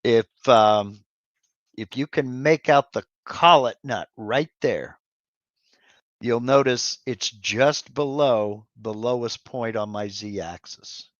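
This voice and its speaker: Halting man on a dull, dry mic. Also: mid-range voice, no room sound. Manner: halting, many fillers and restarts. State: has hiccups. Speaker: host answering viewer questions. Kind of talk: live Q&A stream, unscripted.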